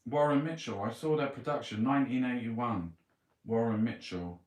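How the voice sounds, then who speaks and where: A middle-aged Cockney man grumbles and swears to himself while rambling through a newspaper review, all in a casual monologue. He has a medium-pitched, slightly mellow voice and keeps a moderate pace. The mic is distant, so the recording sounds roomy and carries background noise.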